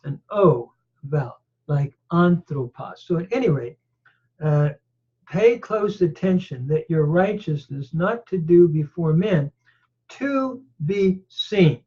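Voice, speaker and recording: A man teaching a Greek grammar lecture on scripture. He goes through the text word by word in a methodical way and often pauses to hesitate. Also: a little high, animated, breathy edge. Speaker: Bible teacher. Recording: dull lo-fi recording.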